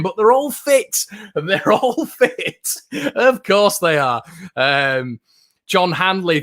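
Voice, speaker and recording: A young man hosting a fan channel from his room, chatting casually and upbeat about football and reading out viewer comments, with many fillers and excited bursts. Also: medium pitch. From England.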